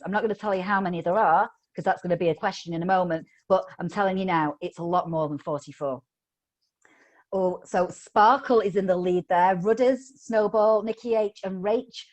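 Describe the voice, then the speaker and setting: Woman, middle-aged, upbeat teacher trainer, playful, video call audio. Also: medium pitch. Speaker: phonics trainer. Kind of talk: live online teacher training.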